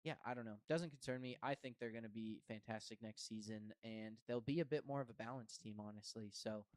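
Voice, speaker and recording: Young male podcast host, smooth voice, relaxed chat, dry close mic. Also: fairly low pitch, fairly quick, no room sound. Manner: relaxed, chatty, with fillers. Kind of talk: casual sports podcast chat.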